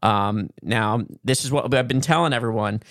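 A man co-hosting a podcast, chatting casually and reading an upbeat sponsor pitch. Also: normal speed, a bit bright, no echo. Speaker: podcast co-host. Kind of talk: casual chat and sponsor read.

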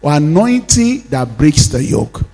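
A fervent man preaching with a high voice, chanting prayers and calling out lines for the congregation to repeat. His voice rings with the long reverb of a church hall. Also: very animated, unhurried, dark tone, faint music behind. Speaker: pastor. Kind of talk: sermon with prayer.

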